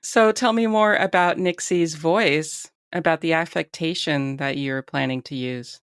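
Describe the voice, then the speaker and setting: Gravelly-voiced woman podcast host. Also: sits low, measured pace, no echo, studio quality. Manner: friendly, asks questions. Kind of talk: casual interview questions.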